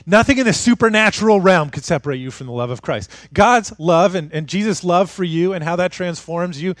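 A man preaching a sermon as pastor, moving from hushed, intimate passages to fired-up, rising declarations. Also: sits high, fairly quick, no echo, studio quality. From Canada.

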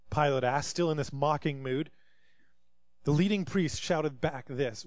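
A man's voice: a little high, moderate pace, dry recording. A man preaching a sermon, reading scripture aloud and acting out the people in it. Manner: reads scripture aloud and voices quoted speakers dramatically. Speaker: pastor.

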